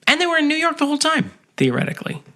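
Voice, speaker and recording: A podcast co-host in casual chat, joking and animated, tossing out trivia asides. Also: high voice, very fast.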